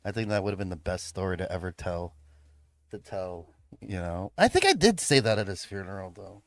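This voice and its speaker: A man's voice: low voice, sing-song, brisk, no echo. A young man from the Chicago area casually telling a story on a livestream, swearing a lot, laughing often and saying "bro" and "man". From Chicago area, USA.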